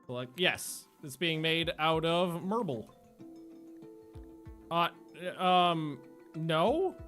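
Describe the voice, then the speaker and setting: A man with a slightly higher voice chats loosely while he plays, trailing off, starting over and laughing along the way. Faint music plays behind him. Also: expressive, drawn-out words, fairly bright tone. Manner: rambling and self-interrupting, laughs often. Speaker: streamer. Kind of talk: casual gameplay livestream chat.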